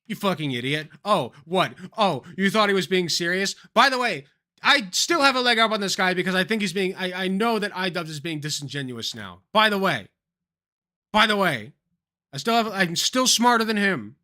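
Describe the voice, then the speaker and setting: A man's voice: high voice, lively intonation, moderate pace, sharp tone. A man streaming live reactions to clips, exasperated and theatrical, swearing through long rants.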